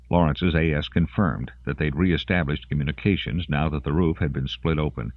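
A man narrates an audiobook in a very deep voice with lively, rolling intonation. His telling is dramatic. The sound is dry and slightly muffled. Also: normal speed, few pauses, no echo. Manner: dramatic storytelling reading. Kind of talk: scripted narration.

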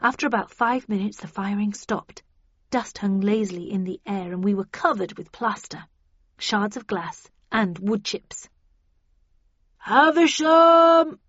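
Brief: female audiobook narrator, brisk first-person storytelling, slightly dull lo-fi sound. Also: mid-range voice, steady tone, breathy edge, no echo. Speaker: audiobook reader. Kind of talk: scripted narration.

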